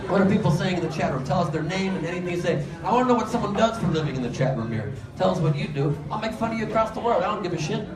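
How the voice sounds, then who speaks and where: Comedian, man, high voice, brash and profane, roasting the crowd; echoey club sound from a distance. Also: animated, racing, hardly any pauses. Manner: brash, profane, teasing, laughing. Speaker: stand-up comedian. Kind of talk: improvised crowd work. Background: audience laughter and chatter.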